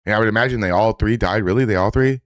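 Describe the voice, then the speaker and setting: A man with a fairly low voice races through casual livestream reaction commentary on social media posts. He's profane and rambling, full of indignant asides, recorded in studio quality with no room sound.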